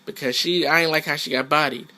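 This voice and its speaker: Bright-voiced man, slangy match recap. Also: on the high side. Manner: slangy, profane trash-talk with animated voices for the players he quotes; quick, loose storytelling. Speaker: gaming channel host. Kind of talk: casual commentary over gameplay.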